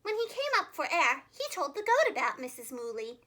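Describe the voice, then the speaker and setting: Reading aloud from a children's storybook, a young woman who teaches preschool gives the story lots of expression in a high, fairly quick voice.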